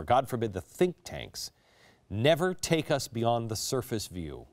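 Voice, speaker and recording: A middle-aged host gives a political monologue on television, his highly animated voice climbing and plunging. He shifts between slow, hushed warnings and forceful emphasis. The recording is dry, close, and free of any room sound.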